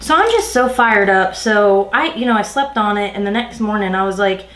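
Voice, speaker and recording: Her voice is mid-range and her speed normal, with noticeable reverb around it. This beauty vlogger does her makeup while telling a casual storytime, animatedly ranting about an exasperating work story.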